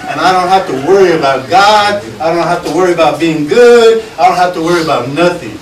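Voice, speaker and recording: A man preaching a sermon as a pastor, giving an emotional testimony that swings from loud to hushed. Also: on the high side, animated, brisk, few pauses. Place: church hall. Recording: echoey hall with background noise, from a distance.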